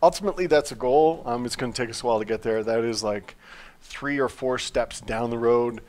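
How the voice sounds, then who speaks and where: A developer man co-hosts a relaxed gaming livestream, answering audience questions between dry jabs at his partner. His voice is an ordinary mid pitch, and he delivers his humor flatly and wryly. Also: brisk. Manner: dry, wry teasing. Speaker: game developer and co-host. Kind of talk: casual gaming livestream chat.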